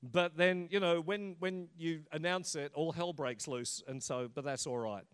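A middle-aged male pastor preaches a sermon in a relaxed, chatty way, slipping in light humour as he explains his points. His voice sits a little higher than most men's. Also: measured pace, smooth. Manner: conversational and humorous preaching.

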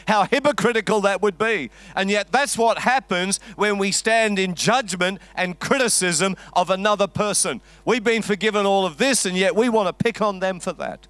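A man's voice: high-pitched, normal speed, few pauses, fairly bright tone, smooth, no echo. A man preaching a sermon, telling a story with a wry, conversational humor. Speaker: pastor.

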